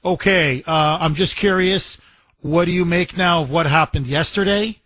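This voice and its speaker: A man's voice: a little high, normal speed, a bit bright. A man hosting a talk radio show, firing pointed questions at a caller.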